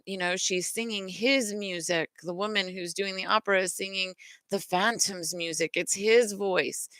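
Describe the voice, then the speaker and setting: With a fairly low, somewhat bright voice and no room sound, a middle-aged woman teaches and hosts a lesson on self-worth. Her casual spoken teaching is earnest, punctuated by frequent stops to restart or correct herself.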